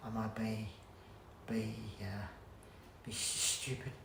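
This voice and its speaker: A man ranting casually to camera at home, rambling with halting restarts and blunt swearing. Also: lowish voice, level tone. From Australia. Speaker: vlogger. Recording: roomy echo, faint background hum.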